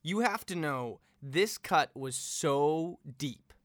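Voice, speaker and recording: A man's voice: on the high side, expressive, takes it slowly, fairly bright tone, no echo, studio quality. A young man hosting a casual chat, eager and jumping in often. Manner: eager, interjecting, often restarts mid-sentence. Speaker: host.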